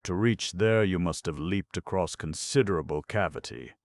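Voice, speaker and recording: A man's voice: sits low, normal speed, dry recording, studio quality, voice pushed up. A man voicing a courtly older police detective in an audiobook, speaking in formal, flowery phrases with clipped grammar. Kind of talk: audiobook narration.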